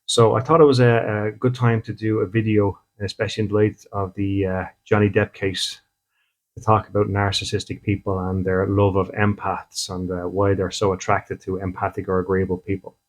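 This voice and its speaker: A level, low-side male voice at normal speed comes from an Irish spiritual medium and podcast host. He chats casually with his audience, acts out little exchanges, and often checks in with "okay?".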